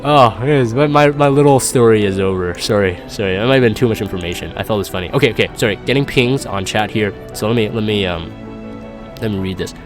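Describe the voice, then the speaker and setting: A man's voice: on the low side, fast talker, over music. A young man chatting casually as a gaming YouTuber, rambling and self-deprecating while reading live comments.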